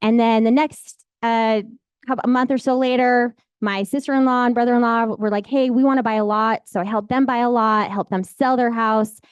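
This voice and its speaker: Woman, forties, real estate agent, candid personal storytelling, fairly high voice, dry close sound. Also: steady tone, moderate pace, clean tone, no echo, lo-fi sound. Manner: candid, rambling, emotional.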